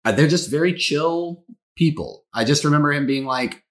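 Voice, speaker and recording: A man's voice: fairly high pitch, normal speed. A man in his thirties, a former child actor from the American South, casually and earnestly reminiscing as a podcast guest. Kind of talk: casual storytelling.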